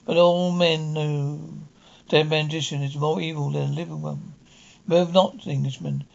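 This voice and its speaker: A man's voice: fairly even intonation, a little slow, creaky, highs cut off. A man voicing an insane, murderous male innkeeper who roars and gloats. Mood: raving. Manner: roaring, booming mad laughter.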